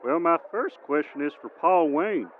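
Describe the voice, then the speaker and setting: A man doing a nerdy, pedantic football analyst who rattles off tactics in precise detail, his fairly high voice rising and falling in lively swings. It is heard through a tinny, phone-like line with faint hiss. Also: normal speed, lightly acted. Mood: lecturing. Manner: precise, lecturing, even-toned. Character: know-it-all male football nerd, pedantic.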